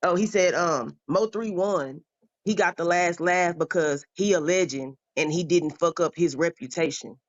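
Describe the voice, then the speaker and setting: A male caller talking hesitantly, pausing with fillers as he searches for his words. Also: a little high, no echo, highs cut off.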